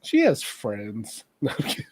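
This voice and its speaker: A man's voice: on the low side, huge pitch swings, a little slow, slightly rough, dry recording. Teasing man joking on a podcast. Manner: joking, teasing, trails off into asides. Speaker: podcast co-host. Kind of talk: casual chat while drawing.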